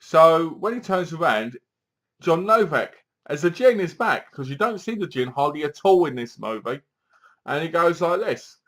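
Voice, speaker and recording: A man giving a casual, animated movie review, acting out lines from the film as he goes. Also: on the high side, normal speed.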